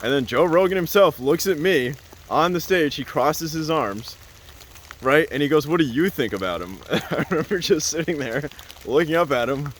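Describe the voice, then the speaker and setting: A man's voice: fairly high pitch, moderate pace, fairly bright tone, a little hiss or hum. Rambling man telling a casual story. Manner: rambling, laughs often, many fillers like "like" and "uh". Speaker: vlogger.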